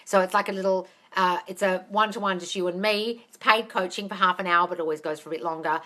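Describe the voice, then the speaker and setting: A woman's voice: lowish voice, fairly even intonation, quick pace, bright, forceful tone. A woman answering viewer questions on a live stream as a manifestation coach, upbeat and encouraging, calling listeners "darling" and swearing casually, recorded on a phone. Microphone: phone camera.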